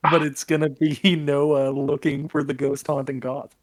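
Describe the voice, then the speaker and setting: A man hosting a podcast, joking and quick to laugh, on an odd-sounding microphone. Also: on the high side, flat delivery, dry recording. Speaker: podcast host. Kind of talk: casual podcast chat. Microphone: odd-sounding mic.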